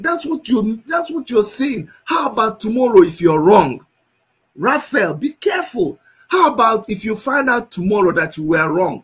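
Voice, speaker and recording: A man giving impassioned commentary, scolding and repeating himself, at times shouting. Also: extremely high pitch, husky, poor audio.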